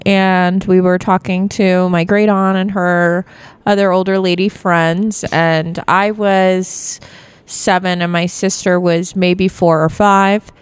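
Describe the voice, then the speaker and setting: A woman's voice: lowish voice, little pitch movement, slow, clear, resonant tone, dry recording. A young adult woman comedian from Virginia, telling stories in a dry, self-deprecating way during a casual bar podcast chat. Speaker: guest comedian.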